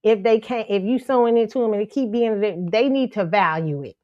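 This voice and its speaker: A woman's voice: a little high, a little fast, no echo, dull audio. Sassy, blunt woman host. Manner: blunt, sassy, animated, laughs often. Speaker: show host. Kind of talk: pop culture commentary livestream.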